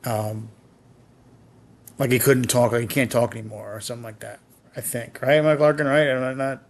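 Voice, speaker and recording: A man's voice: mid-range voice, steady tone, normal speed, creaky. A man co-hosting a podcast in casual banter, teasing and repeating himself to needle his partner. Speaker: podcast co-host.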